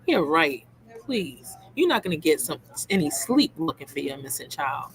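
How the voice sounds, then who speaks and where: A woman's voice: sits low, big pitch swings, moderate pace, gravelly. A woman hosting a true crime livestream, reacting to a clip in blunt, heated, scolding commentary.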